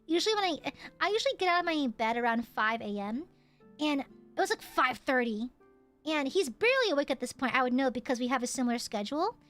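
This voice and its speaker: A young woman streaming and chatting with her audience, telling workplace stories with animated energy and plenty of swearing. Her voice sits high and swoops widely in pitch. Faint music plays behind her. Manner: animated, swears often, lively storytelling. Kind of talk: casual chat with viewers.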